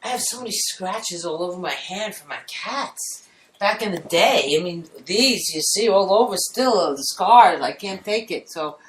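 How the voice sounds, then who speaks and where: A woman's voice: mid-range voice, lively intonation, normal speed, far from the mic. A blunt, grumbling woman co-host talking casually and swearing freely. She sits back from the mic, so her voice rings in a roomy space. A faint hiss runs under it. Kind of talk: casual chat. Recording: echoey room, off-mic, faint noise.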